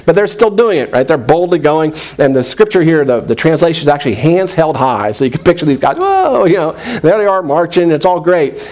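A middle-aged man preaching a sermon in an animated way, with joking asides and quoted voices. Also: on the high side, fairly quick. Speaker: pastor.

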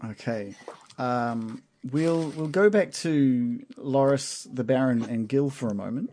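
A man running a tabletop game as game master, narrating in a halting way with many pauses, then speeding up. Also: mid-range voice, mellow, a little hiss or hum. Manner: halting, many fillers and restarts, then quick bursts.

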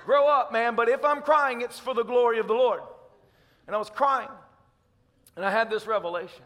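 A man's voice: very high-pitched, fairly quick, a bit bright, big-room sound. A man from Tennessee with a Southern accent, preaching a fervent, emphatic sermon as pastor. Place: church sanctuary.

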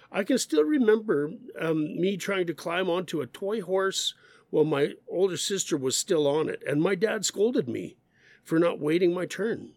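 A man who speaks English natively, teaching learners English expressions, slow and emphatic, repeating phrases. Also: on the high side, a little mellow, no room sound.

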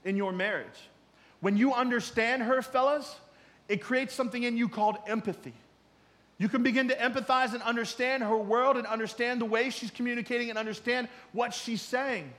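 Middle-aged male pastor, high voice, chatty sermon delivery, punchy then hushed, long hall reverb. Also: fairly even intonation, moderate pace. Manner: conversational preaching, swinging from loud emphasis to quiet asides.

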